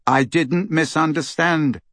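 A man voicing a serious teenage boy who speaks in a flat, quiet and firm way, from a storybook audiobook. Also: a little high, slow pace, dry recording, clean studio sound, voice pushed up. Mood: stubborn.

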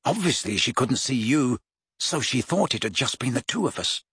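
A man's voice: on the high side, lively intonation, a little fast, gravelly, a bit bright, slightly rough, no echo, clean studio sound, exaggerated voice. A man doing a sheepish teenage schoolboy. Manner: sheepish, mumbling.

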